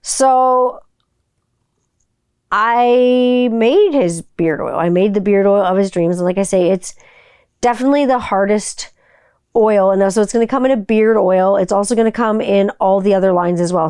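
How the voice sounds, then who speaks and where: Rambling and playful, a woman hosts her own podcast in a casual solo chat, saying "like" constantly and humming a silly little tune as she thinks. Her mid-range voice is smooth and a little mellow at normal speed, recorded dry with clean studio sound.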